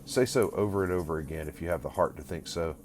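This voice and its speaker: An earnest young village woman who answers with steady, quiet reproach, read by a man. The voice sits very low, and it is told as a storybook reading. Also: quick pace, a little hiss or hum, lightly acted.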